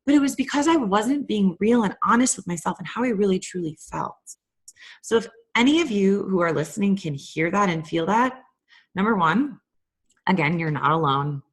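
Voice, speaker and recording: A woman's voice: medium pitch, normal speed, breathy edge. A young adult woman hosting a candid, conversational self-help talk. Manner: candid, conversational, animated retellings. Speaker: host.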